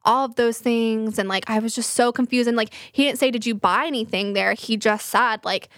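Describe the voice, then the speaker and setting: A young adult woman co-hosting a casual chat, telling a story quickly with lots of filler words, laughs and swearing. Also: fairly high pitch, steady tone, a bit bright, no echo, studio quality. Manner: fast, filler-heavy, laughing, profane storyteller. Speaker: podcast co-host.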